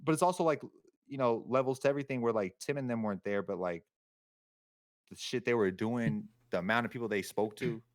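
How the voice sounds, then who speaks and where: A man's voice: medium pitch, fairly quick, no echo. A young man, talking casually as a podcast guest, rambling and slangy, with lots of swearing. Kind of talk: casual chat.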